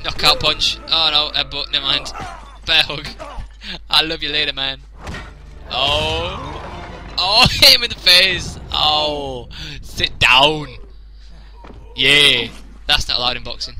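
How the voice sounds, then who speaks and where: A man's voice: on the high side, slow pace, faint music behind. A young man, casually commentating a video game, joking and laughing as he plays. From England. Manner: jokey, laughs often, reacts loudly. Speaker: let's play commentator.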